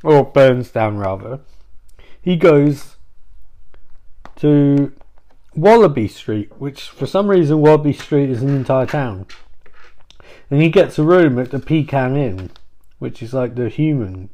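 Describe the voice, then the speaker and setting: A man's voice: mid-range voice, expressive, a little slow, pauses often, mellow. A man hosting a podcast, talking through a rambling comedic monologue with self-interruptions, swearing and asides. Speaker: podcast host.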